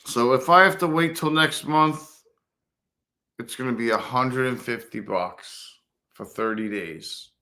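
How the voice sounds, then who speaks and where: A man's voice: medium pitch, unhurried, sharp tone. Profane rambling man in his fifties. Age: 50s. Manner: profane, rambling, acts out other people in a raised voice. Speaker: motovlogger livestreaming to viewers. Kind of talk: casual livestream chat.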